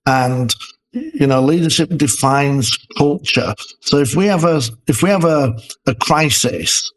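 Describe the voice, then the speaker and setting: A man's voice: on the high side, expressive, measured pace, low-quality recording. A man co-hosting a podcast as a leadership expert, talking casually with fillers and restarts. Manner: conversational, many fillers and restarts.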